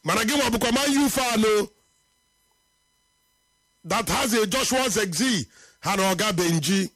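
A man's voice: lively intonation, a bit bright, no room sound, clean studio sound. A man hosting a live football talk show, arguing points emphatically and reading out viewer comments. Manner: emphatic, repeats points for effect, drops to low slow tones.

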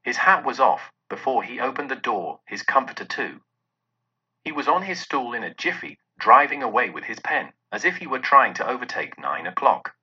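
A man reading a classic story aloud in an expressive, dramatic storybook narration. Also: medium pitch, normal speed, husky. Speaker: reader. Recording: dull lo-fi recording.

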